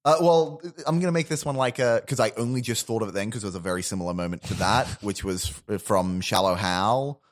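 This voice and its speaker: A man's voice: lowish voice, fairly quick, few pauses. A man in casual chat on a podcast, retelling favorite film lines, often laughing and putting on voices for the quotes. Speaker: podcast co-host.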